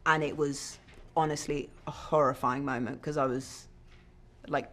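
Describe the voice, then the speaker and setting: An actress giving a casual interview, chatty and candid, with self-deprecating humour. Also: female voice, sits low, steady tone, measured pace, fairly bright tone.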